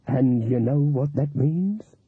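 A man voicing a knowing older voodoo woman who speaks in a slow, rolling growl with folksy grammar, like a storybook reading. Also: mid-range voice, animated, breathy edge, no room sound, exaggerated voice. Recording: tinny, phone-like, dry audio.

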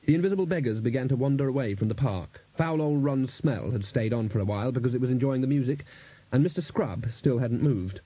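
Mellow husky male audiobook narrator. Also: medium pitch, lively intonation, brisk, dry recording. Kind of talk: audiobook reading with character voices.

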